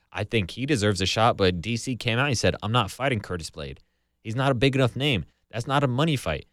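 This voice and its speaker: A man's voice: medium pitch, no echo, clean studio sound. A man hosting a podcast, giving heated, profane commentary in a ranting style. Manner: heated, ranting, heavy swearing. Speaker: podcast host.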